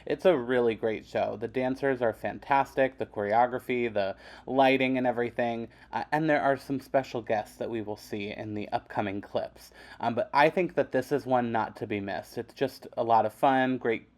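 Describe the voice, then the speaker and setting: A man's voice: medium pitch, moderate pace, hardly any pauses. A man hosting a vlog, narrating in an enthusiastic, chatty way. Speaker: vlog host. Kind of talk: casual vlog voice-over.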